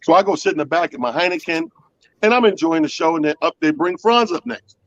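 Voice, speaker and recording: A man's voice: a little high, fast, dull audio. A man telling a comic story in casual talk, acting out the voices of the people in it. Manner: animated, acts out quoted voices. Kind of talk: comedic storytelling.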